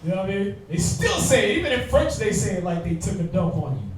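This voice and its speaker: Brief: high-pitched male Bible class teacher, slangy and joking, miked from far off in a very echoey room. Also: sing-song, quick pace, a little hiss or hum.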